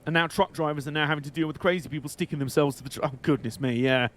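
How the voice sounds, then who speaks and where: A man's voice: a little high, fairly even intonation, very fast, fairly bright tone. A man streaming a game, chatting in a rambling way and laughing often. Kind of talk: casual live-stream commentary.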